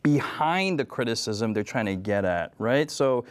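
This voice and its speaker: A man co-hosting a casual religious discussion, speaking thoughtfully with frequent pauses and fillers. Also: mid-range voice, expressive. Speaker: co-host and senior editor.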